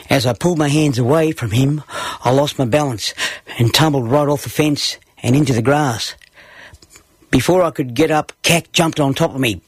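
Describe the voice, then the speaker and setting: Husky Australian man telling a story. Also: medium pitch, no room sound. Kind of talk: narrated personal story.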